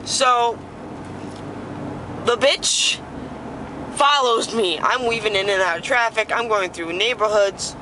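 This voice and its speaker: A young woman in a car, telling a story casually in an excited, profane, rambling way with many restarts. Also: mid-range voice, slow, long pauses, background noise. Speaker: vlogger. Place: inside a car while driving.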